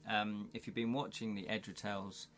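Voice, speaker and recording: A man's voice: lowish voice, flat delivery, normal speed, fairly bright tone. Man, middle-aged, live stream host, casual chat, jokey. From United Kingdom. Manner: chatty, jokey, laughs often. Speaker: livestream host.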